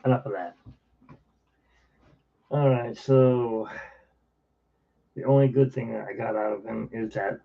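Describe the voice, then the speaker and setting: A man's voice: mid-range voice, fairly even intonation, measured pace, vocal fry, long pauses, phone-quality sound. A man in his forties, host of his own channel, telling a blunt, wry story in a casual rambling monologue. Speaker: channel host playing keyboard.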